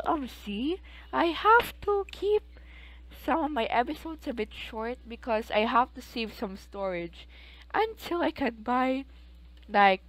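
A woman with a slightly high voice hosts a let's play of a life-simulation game, offering chatty, rambling commentary. She exclaims frequently, and the recording quality is low.

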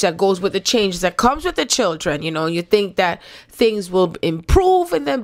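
A woman hosting a casual spiritual talk, speaking frankly and rambling, often repeating herself. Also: on the high side.

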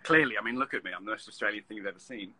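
A man's voice: lowish voice, rapid-fire, pushed and bright, husky, rough recording. A man joking around in a casual livestream chat. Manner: playful, joking.

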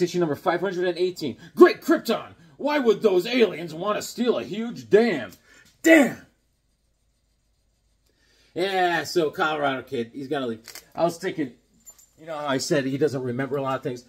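A man's voice: mid-range voice, husky. A middle-aged man chatting casually about comics he got, rambling with enthusiasm and acting out voices as he tells stories. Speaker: comic collector vlogger. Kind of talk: casual unboxing chat with stories.

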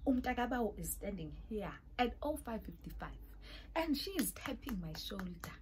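A young South African woman with a South African accent, telling an animated storytime vlog and acting out the voices in it. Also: a little high, moderate pace, slight background noise. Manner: animated, mixes in Zulu and Xhosa phrases, acts out voices. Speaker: YouTuber.

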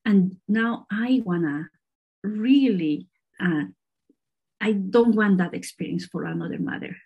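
A middle-aged woman scientist from Peru, answering interview questions in a halting way with many fillers and restarts. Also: mid-range voice, slightly rough, lo-fi sound. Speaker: scientist guest.

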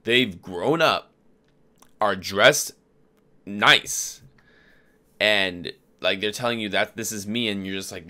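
Slangy young man reacting, bright voice. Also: fairly low pitch, takes it slowly, pauses often. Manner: slangy, profane, laughing at what he watches. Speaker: anime reaction host. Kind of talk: live reaction commentary.

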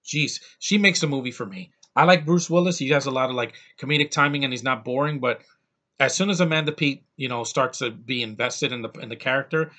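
A man talking straight to camera in a casual movie review vlog, excitable and gushing, rambling with stops and restarts. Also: medium pitch, fairly quick.

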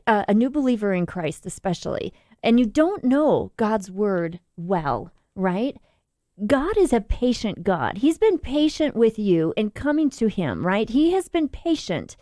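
A woman's voice: fairly high pitch, warm tone, dry recording, studio quality. A woman co-hosting a casual faith talk radio show, chatty, laughing often and restarting her sentences. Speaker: radio co-host.

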